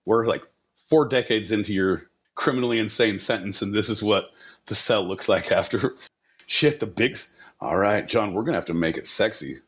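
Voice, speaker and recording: A low-voiced man co-hosting a comedic podcast, teasing and swearing as he riffs. His audio is dull and lo-fi. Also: normal speed, fairly bright tone. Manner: teasing, profane, riffing jokes. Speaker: podcast co-host. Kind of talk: casual comedic chat. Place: home setup in Southern California.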